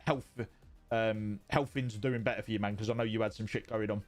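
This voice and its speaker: A man's voice: lowish voice, fairly even intonation, fairly quick, soft background music. A man streaming from home, chatting casually with viewers in a rambling, sweary way that repeats itself. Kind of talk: casual livestream chat reading viewer messages.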